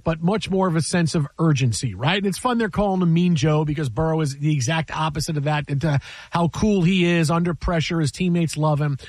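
A man with a notably high voice chats on a sports radio show. He tells stories animatedly, stumbling and restarting as he goes. The sound is dry and close, with no room around it. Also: no room sound. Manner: animated storyteller, laughs, repeats himself. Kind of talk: casual sports radio chat.

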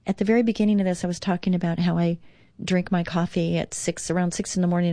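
A woman's voice: lowish voice, warm tone, dry recording. A middle-aged woman hosting a devotional talk show, reading and reflecting in an earnest, encouraging way that rises with emphasis. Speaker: radio show host.

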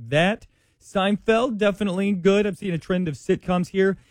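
A man, a father, co-hosting a radio segment, reading a ranked list with playful quick asides. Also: high-pitched, no echo, studio quality. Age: adult with children. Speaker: radio show producer and co-host. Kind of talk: casual chat, reading a list.

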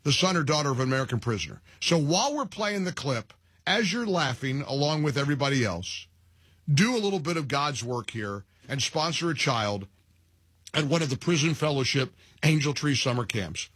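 A middle-aged man hosting a talk radio show, mocking and animated, laughing at his own jokes. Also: a little high, a little fast, breathy edge, no room sound, clean studio sound. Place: radio studio.

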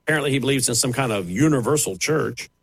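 A man's voice: medium pitch, animated, fast, husky, no room sound, low-quality recording. A man giving pointed, sarcastic opinion commentary on air, talking in a loose conversational way. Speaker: radio commentator.

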